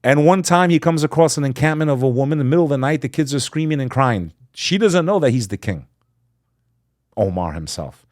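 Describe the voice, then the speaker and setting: A man as a podcast guest, telling a story with fervor, swinging between loud emphasis and hushed asides. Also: mid-range voice, animated, a little fast, no room sound, clean studio sound. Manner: acts out quoted speech. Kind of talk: impassioned storytelling in conversation.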